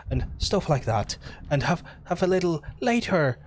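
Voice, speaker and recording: A man's voice: a little high, big pitch swings, moderate pace, slight background noise. A man with a Northern Irish accent, rambling chattily and swearing freely as he streams a game. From Northern Ireland. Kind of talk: casual live-stream commentary.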